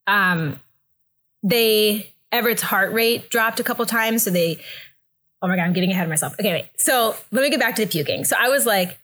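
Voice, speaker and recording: A young woman telling a story in a casual chat, animated and laughing often, acting out the other people's voices. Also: brisk, a little hiss or hum. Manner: animated, acts out voices with big pitch jumps, laughs often. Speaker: guest telling a birth story.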